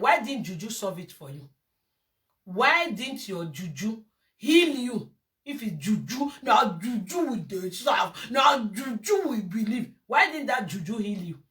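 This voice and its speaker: A fairly high, expressive, slightly bright female voice delivers a heated video rant at normal speed. The Nigerian vlogger scolds while mixing in Pidgin and Yoruba phrases, and she sits far from the mic.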